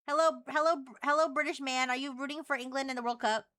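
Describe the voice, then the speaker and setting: A woman's voice: high voice, steady tone, fast talker, bright, forceful tone. A woman streamer teasing and chatting playfully with an AI voice on a live stream. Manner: playful, teasing, flirty questions.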